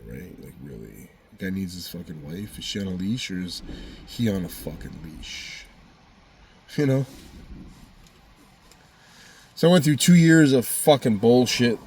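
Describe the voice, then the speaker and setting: A man's voice: on the low side, lively intonation, measured pace, long pauses, a little mellow, slight background noise. A man telling a heated, rambling personal story on his vlog, swearing constantly. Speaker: vlogger.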